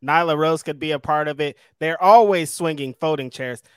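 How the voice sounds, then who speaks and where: A man co-hosting a casual wrestling podcast, speaking in a laid-back, measured way with dry humor. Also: fairly high pitch, clear, resonant tone, no echo. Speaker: podcast co-host.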